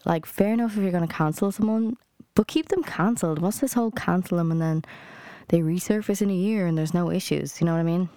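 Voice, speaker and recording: A young Irish woman hosts a solo podcast, chatting casually in a blunt, rambling manner with plenty of fillers and swearing. Her voice is on the low side and warm, recorded in a clean studio with no room sound.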